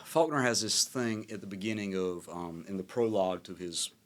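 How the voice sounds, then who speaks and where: A man in his thirties from the American South with a Southern accent, hosting a podcast and musing in a relaxed, rambling way. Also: deep voice, normal speed. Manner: reflective, rambling, many fillers. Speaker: podcast host. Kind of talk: casual conversation.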